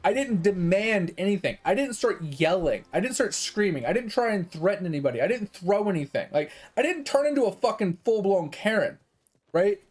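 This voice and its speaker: A man's voice: high voice, very animated, normal speed. A man streaming games, ranting in casual chat, exasperated and swearing freely. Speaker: gaming streamer.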